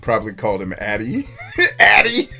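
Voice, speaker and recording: Man, game streamer, lively swooping voice, cursing and laughing, faint music behind. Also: mid-range voice, moderate pace, gravelly. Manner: animated, profane, laughs often. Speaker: game streamer reading chat. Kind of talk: casual live-stream chat.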